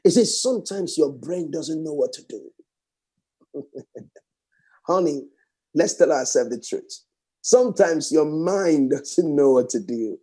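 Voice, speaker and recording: Husky high-voiced fervent male preacher. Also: expressive, unhurried, pauses often. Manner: fervent preaching that swings between raised exclamations and hushed prayer; repeats phrases for emphasis. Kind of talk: sermon.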